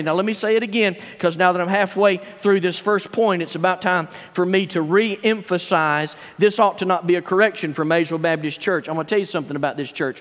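A man's voice: high-pitched, fairly quick. A man, preaching a sermon as pastor with fervent, rising emphasis. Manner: fervent Southern preacher, rising to near-shouts. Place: church sanctuary. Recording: long church reverb.

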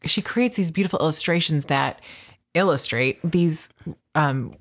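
A woman co-hosting a podcast, telling a story in casual chat, animated and laughing, acting out the voices she quotes. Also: sits low, unhurried. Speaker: podcast co-host.

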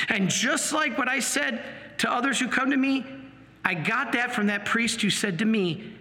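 Male priest, high bright tone, earnest sermon, reverberant church hall. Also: normal speed. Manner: earnest, animated preaching.

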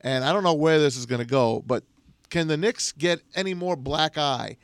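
A man's voice: on the high side, moderate pace, smooth, no room sound. A man hosting a sports talk show in a studio, upbeat and welcoming. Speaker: podcast host.

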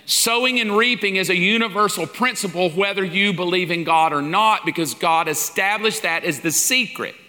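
Guy preaching, high bright voice, folksy and jokey, big reverb like a hall. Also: normal speed, hardly any pauses. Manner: folksy, acts out dialogues with humor. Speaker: preacher teaching a lesson. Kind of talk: sermon.

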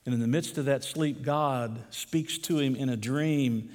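Preaching pastor in a reverberant hall. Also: male voice, medium pitch. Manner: emphatic preaching, slowing down on key phrases. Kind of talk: sermon.

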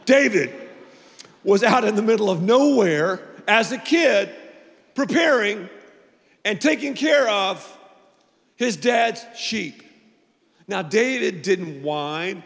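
A male pastor preaching a playful, animated sermon to a family audience, repeating phrases for emphasis. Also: sits high, slow, gravelly, long pauses. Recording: long reverb of a large hall.

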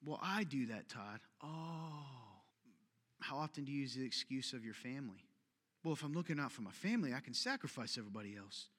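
A man preaching a sermon as pastor in a conversational, joking way, acting out quick quotes and asides. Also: mid-range voice, expressive, fairly bright tone, big-room sound.

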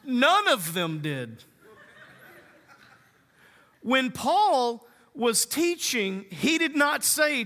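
A man's voice: very high voice, very animated, drawn-out words, long pauses, bright, forceful tone, in a large hall. A man preaching a sermon as a pastor, conversational and humorous, teasing his congregation.

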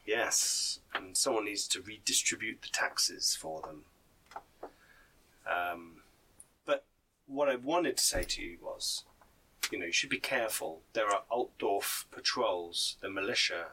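A man's voice: fairly low pitch, unhurried, sharp tone, distant mic, slight background noise, voice pushed down, low-quality recording. A man voicing a chatty male townsman informant who rambles and hesitates as he gives advice. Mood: confiding. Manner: rambling, confiding, full of hesitations.

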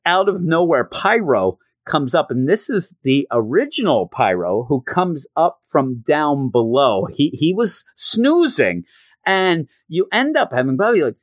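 A man casually recapping a comic book story, animated and slipping into voices for the characters. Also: a little high, unhurried, dry recording. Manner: animated retelling, acts out quotes. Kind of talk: casual review chat.

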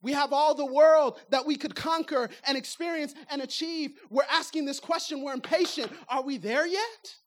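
A woman with a high voice delivers a conversational sermon at normal speed with hardly any pauses, peppering listeners with rhetorical questions. She makes her points by acting out snippets of everyday speech and laughs now and then between them, over a faint hiss or hum.

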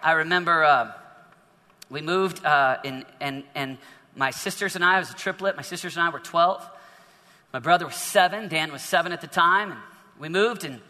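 A male preacher with a high, very bright voice tells a story in a sermon, circling back and repeating himself as he goes. His words ring out under a long hall reverb. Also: normal speed. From northern United States. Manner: storytelling with frequent repetitions and restarts.

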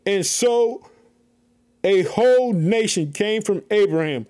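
A man preaching a sermon with fervor. He keeps calling his listeners "family" and slows down to read scripture. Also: sits high, lively intonation, a little mellow, clean tone. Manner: fervent, repeats "family" and "let me tell you something"; reads scripture slowly, then preaches in bursts. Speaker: preacher and podcast host.

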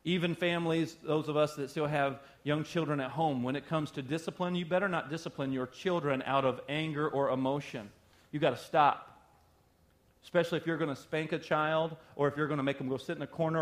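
A man's voice: on the high side, fairly even intonation, fairly quick. A middle-aged male pastor preaching a sermon in a conversational, emphatic way, often asking rhetorical questions.

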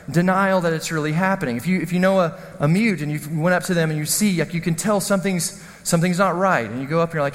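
A man preaching a sermon as the pastor, telling stories in an animated, self-mocking way. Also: fairly high pitch, long reverb tail. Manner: storytelling, animated, self-deprecating.

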